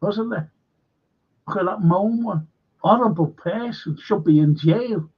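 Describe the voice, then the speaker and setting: A man's voice: sits high, measured pace, slightly rough. A man hosting a casual fan livestream, swearing a lot, rambling, and reading viewer comments aloud. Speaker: livestream host. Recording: dull lo-fi stream audio.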